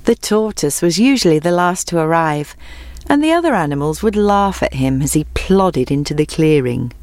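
Woman reading a storybook, gentle, clear, expressive, lower voice, dry close sound. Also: normal speed, dry recording.

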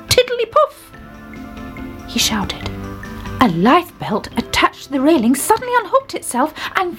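A woman reading a children's story aloud in an expressive storytelling manner. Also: sits high.

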